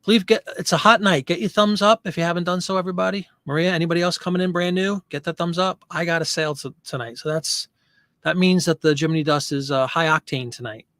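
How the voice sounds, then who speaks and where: A man's voice: on the high side, steady tone, quick pace, fairly bright tone, no echo, studio quality. A man hosting a live stream, chatting casually and answering viewer comments.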